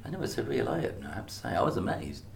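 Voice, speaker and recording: A man's voice: deep voice, huge pitch swings, rapid-fire, gravelly, echoey room, a crowd in the background. A man talking animatedly in an interview, remembering and putting on voices for the people in his anecdotes. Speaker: stage actor. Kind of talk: interview recollection.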